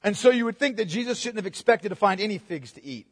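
A man delivers a sermon in a church, his voice unusually high for a man. He keeps it conversational, checking in with the congregation with "okay?" and "right?". A long reverb from the sanctuary trails after his words. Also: expressive, fast. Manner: conversational preaching with frequent "okay?" check-ins. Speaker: pastor. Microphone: microphone.

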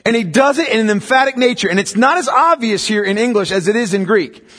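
A male pastor with a high, husky voice delivers an emphatic sermon. He presses his points hard, then drops low and hushed for stress. The sound rings with a long hall reverb, as from a church sanctuary. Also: fast talker. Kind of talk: expository sermon.

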